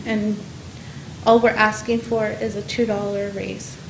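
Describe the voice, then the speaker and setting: A woman making a public comment at a county meeting as a home care provider, frustrated and pleading, speaking haltingly into a podium microphone. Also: medium pitch, level tone, vocal fry. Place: council chamber. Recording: echoey meeting room with faint noise.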